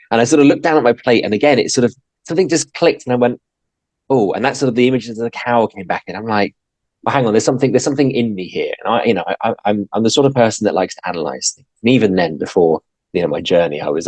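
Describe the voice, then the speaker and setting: A man's voice: lowish voice, dry recording, poor audio. A man, a podcast guest telling his story in casual talk, hesitant with many fillers and restarts. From England.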